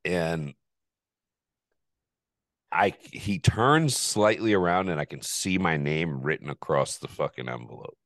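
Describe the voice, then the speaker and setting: A man hosting a podcast, telling a story in a casual, profane, animated way and laughing often. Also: low voice, measured pace, long pauses, no room sound, studio quality. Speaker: podcast host.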